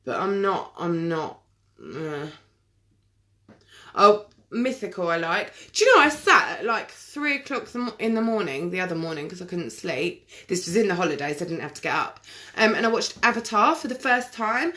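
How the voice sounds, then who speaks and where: This woman's voice sits on the low side but is very animated, bright, and forceful, delivered at a moderate pace. During a live makeup tutorial she casually chats and replies to comments by name, heard through a phone or webcam.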